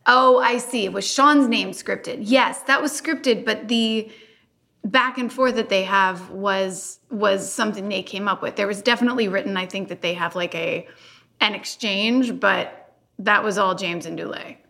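A woman's voice: medium pitch, measured pace, creaky, pushed and bright. A woman co-hosting a casual rewatch podcast, chatty and giggly as she reads out fan questions. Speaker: podcast co-host.

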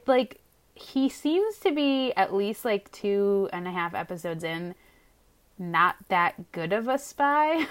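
Woman, casual podcast co-host, frank and rambling, a bit low in pitch. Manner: hedging, filler-heavy, frank. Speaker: podcast co-host reviewing a TV show. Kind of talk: casual chat.

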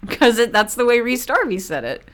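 A woman's voice: on the high side, big pitch swings, normal speed, fairly bright tone. A woman co-hosting a podcast in casual chat, playful and teasing, laughing often. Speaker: podcast co-host.

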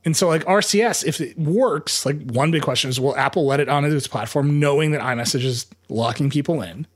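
A man hosting a tech news podcast, talking fast in casual chat, laughing often and restarting his sentences. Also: on the high side. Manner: fast, laughing, thinks aloud with many restarts. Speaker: podcast host.

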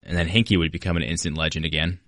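A man's voice: low voice, fairly even intonation, racing, fairly bright tone, dry recording, studio quality. A man co-hosting a sports podcast, skeptically pushing back on the host in casual talk.

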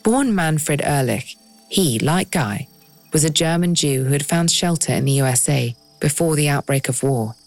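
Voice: mid-range voice, expressive, normal speed. Dramatic documentary narrator over music. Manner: dramatic, rhetorical questions. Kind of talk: scripted narration.

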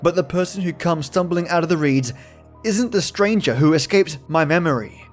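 Man, scripted horror narration, first person, measured, tense, fairly high voice, faint background music.

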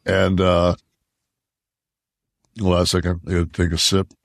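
A man's voice: low voice, flat delivery, normal speed, gravelly, no room sound, studio quality. A man co-hosting a podcast who tells rambling, profane stories in casual chat. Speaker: podcast co-host.

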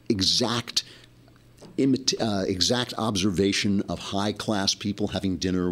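A male host giving an impassioned monologue commentary, often restarting his sentences. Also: low-pitched.

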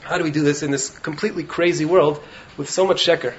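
Animated man teaching, slightly high voice. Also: fast talker, muffled recording. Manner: animated, keeps checking in with "right?". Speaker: rabbi teaching in a yeshiva. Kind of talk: Torah talk. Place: study hall.

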